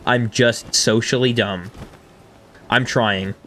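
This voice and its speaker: A man in his thirties streaming a game and chatting with his viewers in a casual, self-deprecating way, with quiet music underneath. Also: mid-range voice, fairly even intonation, slow, a little hiss or hum. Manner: chatty and self-deprecating, reading chat aloud. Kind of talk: casual live-stream chat over gameplay.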